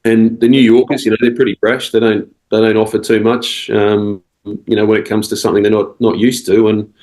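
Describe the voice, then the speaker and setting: Australian male coach, lowish voice, relaxed anecdotes full of restarts, for a podcast interview. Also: a little fast, poor audio. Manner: rambling, with restarts and quoted dialogue. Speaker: cricket head coach, podcast guest. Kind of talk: casual storytelling interview.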